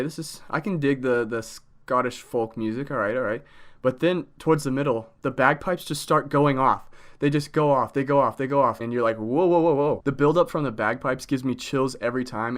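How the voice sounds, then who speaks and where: A young man reviewing a music album in a casual, joking, animated way, swearing now and then. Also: medium pitch.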